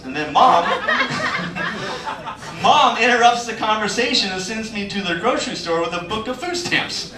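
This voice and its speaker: A man's voice: high voice, wildly swooping pitch, unhurried. A man performing a stand-up comedy set, acting out the voices of people in his stories. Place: comedy club stage. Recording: echoey club, mic far, loud crowd laughter.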